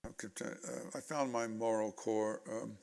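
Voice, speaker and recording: A man in his eighties, a guest speaker telling stories from his life to a panel audience in an animated way. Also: lowish voice, measured pace, gravelly. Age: 80s. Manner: animated storyteller, voices quotes loudly. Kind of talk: storytelling in a panel talk.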